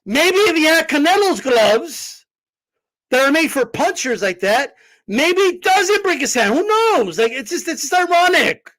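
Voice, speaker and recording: A high-voiced man ranting about boxing, swearing freely and sounding incredulous. He talks in an unhurried way, then bursts into shouts. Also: sing-song. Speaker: boxing commentator, channel host. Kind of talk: casual ranting commentary.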